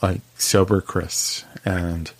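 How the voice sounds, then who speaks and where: A man co-hosting a podcast, chatting casually about music, unhurried and hesitant, often laughing. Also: sits low, little pitch movement. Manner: unhurried, giggly, hesitant with fillers. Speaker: podcast co-host.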